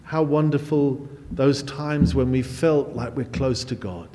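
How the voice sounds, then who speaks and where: A man preaching a sermon, emphatic, with his voice swelling louder and higher on key phrases. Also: unhurried. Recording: long hall reverb.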